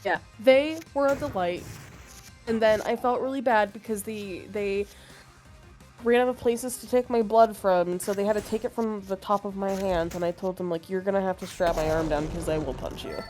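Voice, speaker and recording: A woman's voice: medium pitch, moderate pace, faint music behind. A woman casually chatting while playing a game, telling a story and acting out what people said. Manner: animated storytelling, acts out quotes. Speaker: streamer co-host. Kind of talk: casual chat while gaming.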